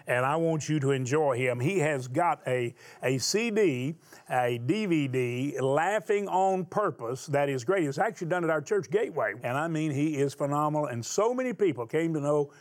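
A man's voice: on the high side, expressive, normal speed. A man hosting a talk show, opening it and introducing his guest with emphatic enthusiasm. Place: television studio before a live audience.

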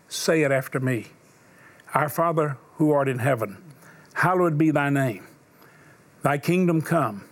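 An older man, a preacher hosting a Christian talk show. He tells stories in an earnest preaching manner. At emotional points his voice sinks almost to a whisper. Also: mid-range voice. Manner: earnest preacher, drops to a hushed voice for emotional moments. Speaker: TV host and preacher.

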